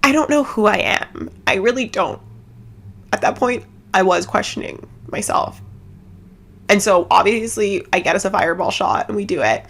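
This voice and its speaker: A woman's voice: medium pitch, expressive, vocal fry. Woman from Canada, podcast host, giggly, rambling chatter, casual storytelling. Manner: giggly, rambling, talks fast with lots of fillers. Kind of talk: casual chat. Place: home setup, seated cross-legged.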